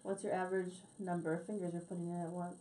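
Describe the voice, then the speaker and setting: A woman's voice: fairly low pitch, level tone, fast, dark tone, slight background noise, rough recording. A woman co-hosting a podcast with teasing, playful banter at a studio mic. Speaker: podcast co-host. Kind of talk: casual podcast chat.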